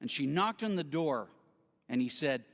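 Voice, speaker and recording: A man giving a storytelling sermon as a guest speaker at a spiritual center, theatrical and animated. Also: a little high, moderate pace. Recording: reverberant hall.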